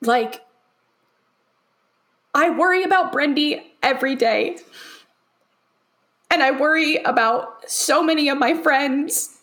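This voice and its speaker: A woman's voice: sits high, takes it slowly, long pauses, fairly bright tone. A young woman co-hosting a podcast, talking earnestly and emotionally, with "like" threaded through nearly every sentence. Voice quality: earnest, heavy use of "like" as filler. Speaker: podcast co-host. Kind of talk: emotional personal podcast talk.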